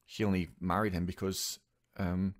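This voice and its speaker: In this confessional vlog, a young man talks about himself in a low-sitting voice with flat delivery. His speech halts frequently, full of pauses and false starts.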